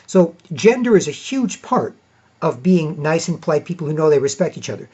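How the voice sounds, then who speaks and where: A man's voice: a little high, very animated, brisk, darkish tone, slightly rough. A man talking in a casual monologue as a podcast host, rambling and padding his points with "you know" and "right". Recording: dull lo-fi recording.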